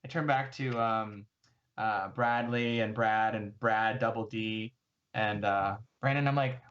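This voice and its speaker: A man's voice: fairly low pitch, steady tone, unhurried, a bit bright. Rambling male player, dull lo-fi audio. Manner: rambling, self-correcting. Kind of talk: casual tabletop play. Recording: dull lo-fi sound.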